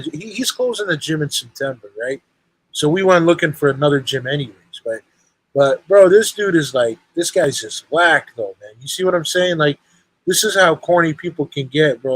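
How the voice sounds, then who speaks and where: A man's voice: fairly high pitch, a bit bright, poor audio. A young man telling a long story in casual chat, rambling and full of street slang. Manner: rambling, street slang, lots of "bro" and "right?".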